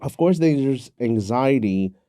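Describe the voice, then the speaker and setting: A man's voice: medium pitch, expressive, slow, mellow, no echo, studio quality. A man hosting a podcast, telling a story and asking questions in an earnest, conversational way. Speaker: podcast host.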